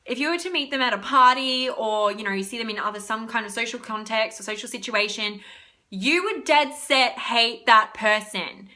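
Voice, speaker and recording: This spiritual wellness vlogger, a young woman, speaks at normal speed in a high-leaning voice that sounds pushed and bright. She rambles through casual self-help talk on self-love, using plenty of fillers and swearing freely.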